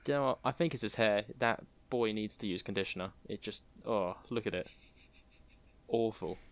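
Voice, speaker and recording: A man's voice: lowish voice, normal speed. A man co-hosting a horror film podcast, chatty and playful, acting out scenes as he talks. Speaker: podcast co-host. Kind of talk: casual film review chat.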